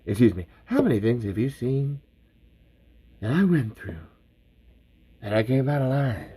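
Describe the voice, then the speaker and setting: A man's voice: medium pitch, very animated, unhurried, dark tone, slightly rough, pitched above the performer's own voice. A man voicing a boastful, paranoid middle-aged survivalist in an improvised livestream, with a blustery, folksy drawl that slips toward Southern. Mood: bragging.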